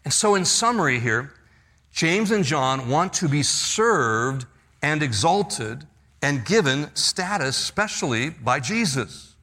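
A man's voice: fairly high pitch, very animated, slow pace, sharp tone. A man preaching a sermon, explaining scripture verse by verse and acting out the lines he quotes. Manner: expository preaching, reads scripture with emphasis; acts out quoted lines, laughs lightly. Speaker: pastor.

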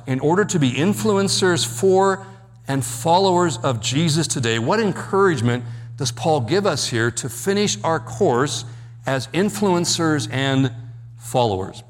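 A man's voice: fairly high pitch, in a large hall. A man preaching an expository sermon as pastor, explaining Bible verses and Greek words step by step.

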